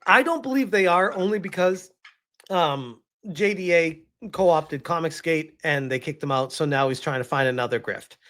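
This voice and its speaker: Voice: mid-range voice, moderate pace, a bit bright. A host giving casual, sarcastic commentary on online drama and reading posts aloud in an exasperated tone.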